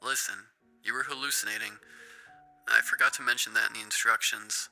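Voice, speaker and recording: A man voicing a calm, sinister male boss on the phone, hushed and falsely reassuring. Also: medium pitch, fairly quick, creaky, faint music behind, low-quality recording.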